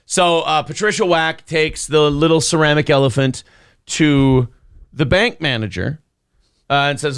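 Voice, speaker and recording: A man's voice: fairly high pitch, normal speed, smooth, dry recording. Rambling man host with a dry sound. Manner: rambling deadpan joke-telling with many fillers. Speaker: morning show host. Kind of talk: casual chat, reading live chat comments.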